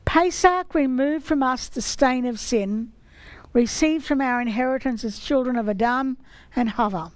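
A woman giving a sermon, reading scripture in a slow, measured way. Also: sits high, no echo, rough recording. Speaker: teacher of scripture.

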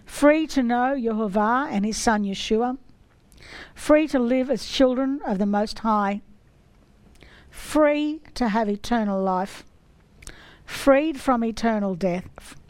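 A woman giving a sermon, reading scripture in a slow, measured way. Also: a little high, darkish tone, dry recording, low-quality recording. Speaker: teacher of scripture.

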